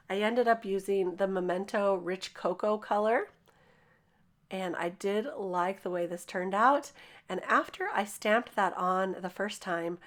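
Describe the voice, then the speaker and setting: A woman who is losing her voice, raspy, explaining a card-making craft tutorial in a chatty, upbeat voice-over. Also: mid-range voice. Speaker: craft video host. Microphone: voice-over mic.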